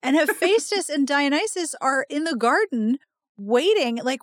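Animated woman podcast host, dry sound. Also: sits high, normal speed, dry recording. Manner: animated, dramatic readings and playful asides. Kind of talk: casual book recap chat.

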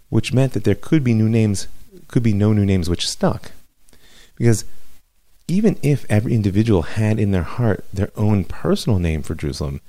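Low, mellow-voiced rabbi lecturing. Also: male voice, no echo. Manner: measured, reflective, with many pauses. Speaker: rabbi teacher. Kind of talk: recorded lecture.

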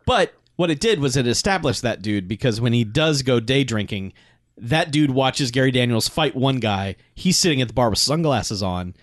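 A man's voice: medium pitch, expressive, moderate pace, no room sound, studio quality. A man co-hosting a casual movie-review podcast, retelling action scenes with lots of "like" and frequent laughter. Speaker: podcast co-host.

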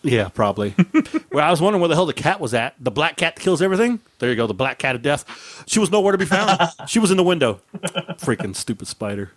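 A man telling a story in a casual podcast chat, animated and laughing often as he acts out the scenes. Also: on the high side, fast. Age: adult with a wife and dogs. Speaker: podcast co-host.

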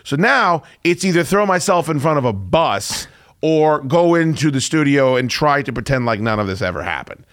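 A man's voice: a little high, big pitch swings, moderate pace, fairly bright tone, dry recording. Forties radio host guy ranting and cussing at himself, dry studio sound. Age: 40s. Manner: profane, self-mocking rant. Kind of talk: casual on-air storytelling.

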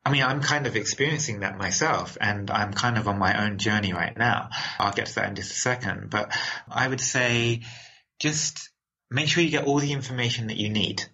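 An upbeat English man answers interview questions with an accent that falls between London and American, laughing often and repeating words. His voice is bright and forceful yet a little husky, on the low side, at a moderate pace. The recording sounds dull and lo-fi.

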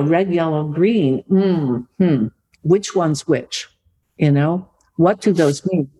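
A middle-aged woman, an author and podcast guest, telling a family story in a lively conversational way. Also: sits low, husky, rough recording. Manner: lively anecdotal storytelling, repeats for emphasis.

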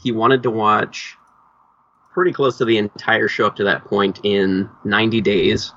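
A man's voice: lowish voice, steady tone, measured pace, sharp tone, no echo, lo-fi sound. A man co-hosting a podcast, chatting casually and teasing his co-hosts in a dry way. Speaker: podcast co-host. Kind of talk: casual chat.

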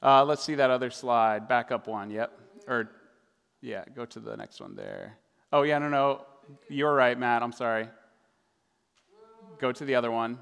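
A man's voice: medium pitch, a little slow, vocal fry, long pauses, a bit bright, clean tone, long reverb tail. A man preaching a sermon as pastor, talking in a conversational way with fillers and tag questions.

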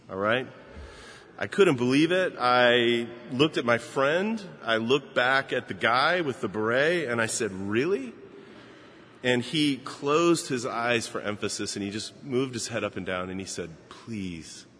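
A man in his fifties, a pastor giving a sermon and telling a personal story in a relaxed, conversational way with frequent fillers. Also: mid-range voice, slight background noise. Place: church sanctuary. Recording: long reverb of a large hall.

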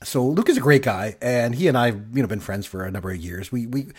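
Man from Canada, middle-aged, husky voice, quick delivery, rambling excited storytelling. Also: medium pitch. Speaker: podcast co-host. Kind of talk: casual chat.

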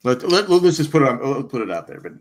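A man's voice: mid-range voice, fast talker. An older grandfather in casual podcast chat, telling stories and acting out quotes. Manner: animated storyteller acting out quotes. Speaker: podcast co-host.

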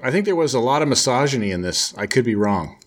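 A man's voice: mid-range voice, very animated, fast talker. A man hosting, casually recapping a comic book with joking, sarcastic storytelling.

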